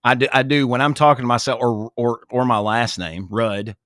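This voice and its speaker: A man's voice: medium pitch, steady tone, moderate pace, a bit bright, dry recording, studio quality. A man in his forties, a radio DJ, chatting on a podcast in an easygoing, talkative way. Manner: easygoing, talkative, laughs readily. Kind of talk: casual chat.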